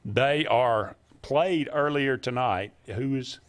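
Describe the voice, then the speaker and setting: A man hosts a laid-back sports talk radio show, speaking slowly at a middle pitch. He banters with his co-host and often hesitates over fillers. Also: smooth. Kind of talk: casual sports talk chat.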